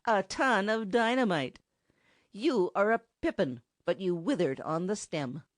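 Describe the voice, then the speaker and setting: A woman reading the part of a wicked male enchanter who speaks coldly and gruffly, with sneering contempt. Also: lowish voice, sing-song, normal speed, no room sound, clean studio sound.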